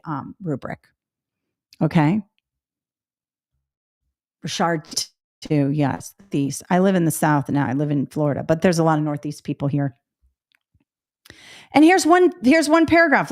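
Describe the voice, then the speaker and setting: A woman's voice: mid-range voice, darkish tone. A woman from the Northeastern US teaching a live test prep webinar, talking bluntly and directly with chatty asides to her viewers.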